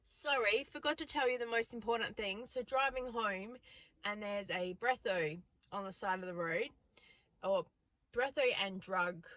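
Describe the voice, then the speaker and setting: A woman's voice: mid-range voice, unhurried, a bit bright, dry recording. An Australian woman in her forties, a chatty vlogger telling stories and laughing often. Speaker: frugal living vlogger. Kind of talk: casual vlog chat.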